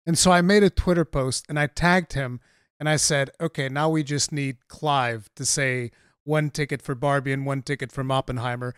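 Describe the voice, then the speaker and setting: A man's voice: mid-range voice, normal speed, clean tone, no echo. Male podcast co-host, blunt and opinionated, dry close recording. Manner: blunt and opinionated, swears, gets animated. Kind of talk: casual chat.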